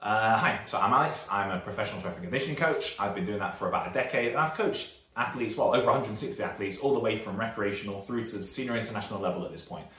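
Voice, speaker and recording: Chatty British coach in an echoey room. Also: male voice, lowish voice, fast talker, few pauses, bright, forceful tone. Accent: British, northern English. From Britain. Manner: chatty, rambling with tangents and self-corrections. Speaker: strength coach. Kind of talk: casual video lesson.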